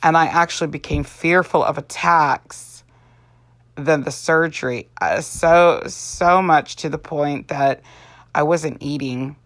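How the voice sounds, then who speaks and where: A woman in her forties who sells Avon does her makeup while chatting casually for a vlog, tired, yawning, and rambling with many fillers. Her low voice moves slowly and sounds a bit bright, with no echo.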